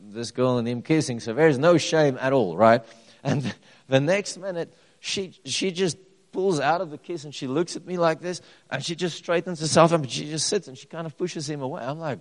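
A man preaching a sermon, swinging between loud declarations and quiet personal stories. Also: fairly high pitch. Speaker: pastor. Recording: long hall reverb.

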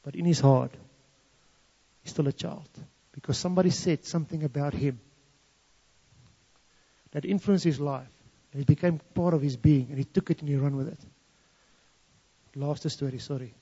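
A man's voice: fairly high pitch, normal speed, long pauses, mellow, slightly rough. A man from South Africa's Free State with an Afrikaans South African accent, a native Afrikaans speaker, telling a story as a testimony and switching between English and Afrikaans. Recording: dull lo-fi sound in a reverberant hall.

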